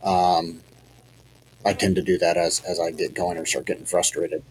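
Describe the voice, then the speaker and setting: A man with a low, deep voice tells a hunting story in a loose, rambling way. He second-guesses himself and fills his talk with "you know" and "um". A faint hiss sits under the recording. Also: level tone, normal speed, a little mellow, rough recording. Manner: rambling, self-deprecating, many fillers and restarts. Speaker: hunting guide telling a hunt story. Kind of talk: casual storytelling on a podcast.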